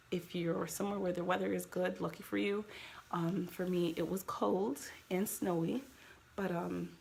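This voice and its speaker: A woman's voice: medium pitch, vocal fry, a little hiss or hum. A woman vlogger candidly telling a personal story as she shares tips, confiding in tone and often quoting what people said. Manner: candid, confiding, with quoted dialogue and soft trailing phrases. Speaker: vlogger sharing pregnancy coping tips.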